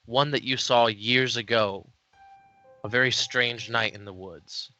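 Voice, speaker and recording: A man narrating a tabletop game as game master, unhurried and full of fillers. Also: medium pitch, fairly even intonation, sharp tone, lo-fi sound, soft background music.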